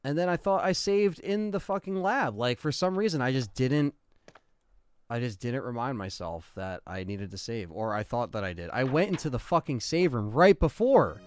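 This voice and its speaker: A man's voice: mid-range voice, expressive, normal speed, clean tone. A young man streaming a video game live, swearing freely and ranting to his chat in exasperation. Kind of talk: live gameplay stream commentary. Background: faint game music.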